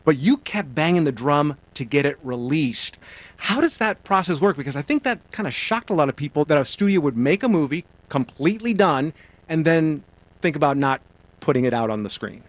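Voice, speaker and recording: A male TV host reading a scripted intro and interviewing a guest, with a lively, playful delivery. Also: fairly high pitch, brisk, no echo.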